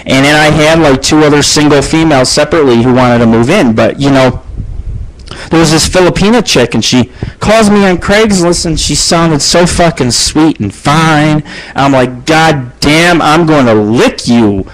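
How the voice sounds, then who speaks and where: A middle-aged man hosts his own late-night radio show. He rambles through crude anecdotes, swearing freely and bragging as he goes, and his voice sits a little high for a man. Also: normal speed, low-quality recording. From United States. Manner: profane, boastful storytelling.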